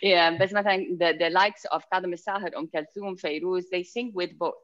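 A woman's voice: fairly low pitch, steady tone, brisk, fairly bright tone. A woman from Iraq, a panelist talking animatedly in a casual discussion over a video call, slipping Arabic phrases into her sentences. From Iraq, Mosul. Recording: dull video-call audio.

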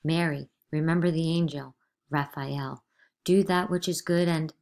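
A woman's voice: deep voice, steady tone, measured pace, creaky. A woman reading a play aloud, voicing a desperate, defiant middle-aged farmer who speaks with impassioned force. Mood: urgent. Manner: impassioned, shouting.

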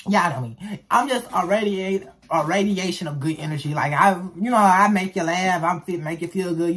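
A young man telling a personal story for his vlog in an animated way, jumping between loud bursts and hushed asides. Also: high voice, slightly rough. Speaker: storyteller vlogger.

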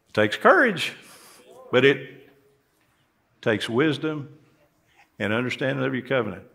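A man preaching a sermon to his congregation, his voice carrying a rough, gravelly edge. He talks in a folksy way and climbs sharply in pitch to stress his key points. His voice sits at an ordinary middle pitch between those peaks. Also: big pitch swings, measured pace, long pauses, bright, forceful tone. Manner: folksy preaching, rising emphatically on key words. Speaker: pastor. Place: church sanctuary.

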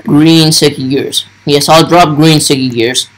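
Young man, slightly high voice, excited gameplay commentary, breathless exclamations. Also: measured pace, poor audio. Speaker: gaming YouTuber.

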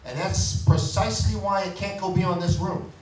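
A man playing a stiff, awkward boss who stumbles through his words with nervous fillers. His voice is fairly high and sounds distant in an echoey hall, with light hiss. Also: steady tone, natural voice. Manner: hesitant, halting with fillers. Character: reserved, awkward male boss confessing feelings. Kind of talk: community stage musical acting.

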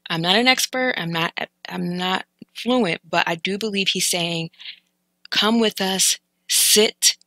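A woman explaining phrases from a TV clip in a chatty way, repeating words slowly to show how they sound. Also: on the low side, pushed and bright, no room sound, low-quality recording. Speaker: language learning vlogger.

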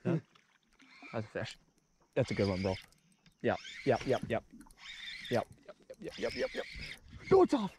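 A young man filming a fishing trip outdoors from a boat, chatting casually and repeating himself in excited bursts. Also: mid-range voice, moderate pace, long pauses. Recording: loud outdoor noise.

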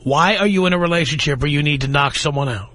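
A man's voice: on the high side, quick pace, a bit bright, dry recording. A middle-aged man hosting a call-in radio talk show, blunt and lecturing, with dry sarcasm toward callers.

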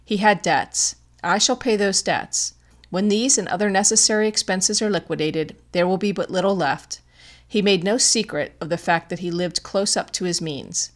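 A woman's voice: fairly low pitch, normal speed, lightly acted. A woman voicing a grieving, widowed young mother who is proud and desperate, speaking with emotional pleading in an audiobook. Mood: grave.

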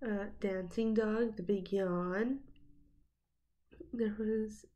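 A woman's voice: medium pitch, steady tone, extremely slow, warm tone, dull audio. A young woman chatting casually as she reacts to video clips, laughing often and talking back to what she watches.

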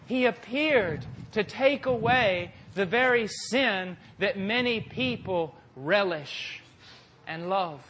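A man preaching a sermon with passion, moving from quiet, deliberate phrases to forceful peaks. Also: high voice, expressive, a little hiss or hum. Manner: impassioned, swings from quiet to forceful.

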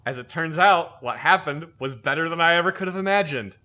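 A man who served in the army, telling a story in casual conversation, animated and profane. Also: fairly high pitch, brisk. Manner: animated, profane, acts out quoted people.

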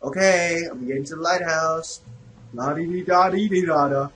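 A young man giving casual, excitable, profane let's-play commentary, shouting reactions at a game. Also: medium pitch, moderate pace, slight background noise, low-quality recording. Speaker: gaming video host.

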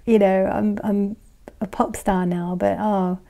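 A woman giving a casual pick-a-card tarot reading, chatty and rambling, laughing often and dropping into soft asides. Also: mid-range voice, flat delivery, takes it slowly, vocal fry. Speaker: tarot reader and life coach.

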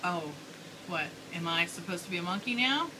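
A woman vlogs with her young son, talking to him in a playful, sing-song way. Her voice sits on the low side, sharp in tone and animated, at a normal speed. It's casual home video chat, and the recording is noisy.

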